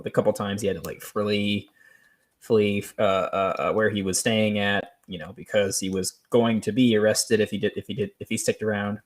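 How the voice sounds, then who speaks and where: A man hosting a solo show, talking off the cuff in a rambling, hesitant way with many pauses, restarts and small laughs. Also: fairly low pitch. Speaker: podcast host. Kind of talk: unscripted solo commentary.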